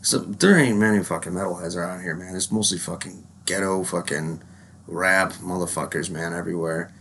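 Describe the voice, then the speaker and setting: A man's voice: low voice, steady tone, normal speed, gravelly, a bit bright, slight background noise. A man with a lingering cold, ranting casually and profanely to his viewers, rambling and dropping "man" constantly. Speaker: metal vlogger. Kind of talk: casual rant to camera.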